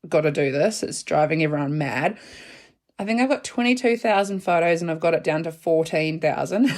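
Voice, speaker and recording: A woman in her thirties with a New Zealand accent, hosting a casual solo podcast, rambling in a frank, slangy way and laughing often. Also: mid-range voice. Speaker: podcast host.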